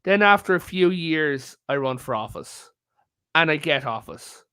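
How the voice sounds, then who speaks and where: Speaking as a guest on a video-call history chat, this Irish man tells stories and keeps dropping "like" and "right?". His fairly high, expressive voice has a sharp yet smooth tone and a measured pace, recorded dry.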